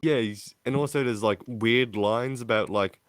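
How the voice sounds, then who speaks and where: A man's voice: mid-range voice, normal speed, smooth, no echo, clean studio sound. A man, a podcast co-host telling a story in casual chat, rambling and full of filler words. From Australia.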